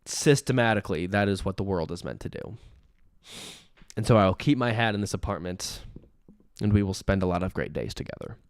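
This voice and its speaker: A young man doing a rambling comic monologue, deadpan and self-pitying, sometimes cracking up at himself. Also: deep voice, fairly quick, smooth, no echo, studio quality. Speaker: comedian.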